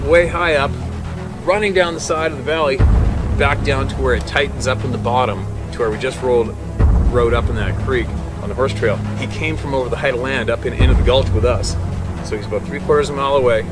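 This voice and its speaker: Guy telling a hunting story, swears a lot, acts out the lines, music under him. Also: mid-range voice. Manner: animated, swears freely, acts out quotes, laughs mid-story. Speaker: hunting guide. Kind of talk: casual storytelling.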